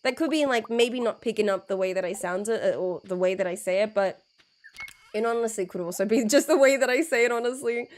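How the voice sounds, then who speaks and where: A woman's voice: fairly high pitch, slight background noise. A woman streaming a game live, chatting and laughing with viewers, with a blocked nose. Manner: chatty, giggly, repeats words slowly to show sounds. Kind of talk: casual live stream chat.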